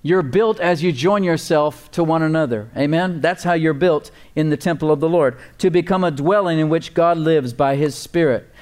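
A man's voice: a little high, normal speed, few pauses, a little mellow. Emphatic male pastor preaching. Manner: emphatic preaching with call-and-response asides; repeats words for emphasis. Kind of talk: sermon.

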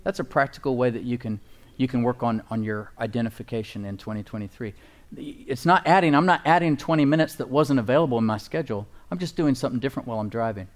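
A man's voice: mid-range voice, quick pace. A man preaching a sermon as pastor, emphatic and folksy, often asking the congregation for agreement and chuckling at his own points.

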